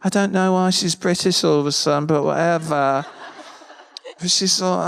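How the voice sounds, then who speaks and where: A man's voice: high voice, normal speed, gravelly, a bit bright, clear, resonant tone, in a large hall. A man at a convention panel, joking and chatting with fans in a playful, talkative way. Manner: chatty, playful, jokey asides. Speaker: convention panel guest actor. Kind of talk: casual joking Q&A.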